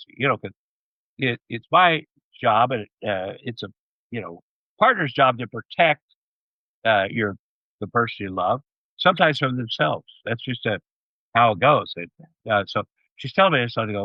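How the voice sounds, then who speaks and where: A man's voice: medium pitch, lively intonation, normal speed, no echo. Rambling storytelling man in his sixties. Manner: rambling anecdotes with many fillers. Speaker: interview guest. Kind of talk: casual storytelling. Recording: dull, slightly muffled audio.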